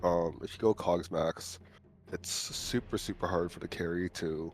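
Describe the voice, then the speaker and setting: A man's voice: deep voice, steady tone, unhurried. A man co-casting an esports match, breaking down the heroes in a laid-back, analytical way while getting over a cold. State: recovering from a cold. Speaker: guest co-caster. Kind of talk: casual game analysis.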